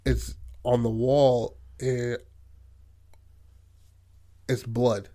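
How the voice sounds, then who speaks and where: A man at an ordinary middle pitch, chatting casually as he walks a listener through a film's story. His talk is loose and profane, peppered with "like" and "you know what I mean." It is relaxed podcast storytelling. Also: extremely slow. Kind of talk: casual retelling of a film plot.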